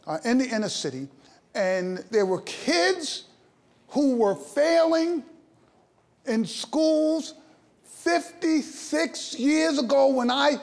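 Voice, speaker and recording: Man in his 60s, high lively voice with a gravelly edge, fired up and joking on stage. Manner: passionate, emphatic, joking. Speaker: invited speaker. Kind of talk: live stage talk. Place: stage before a live audience.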